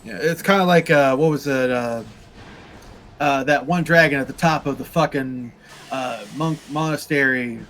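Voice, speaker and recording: A man's voice: mid-range voice, moderate pace, a bit bright, a little hiss or hum, low-quality recording. A man streaming a game, ranting sarcastically and crudely in casual chat. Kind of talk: casual chat while gaming.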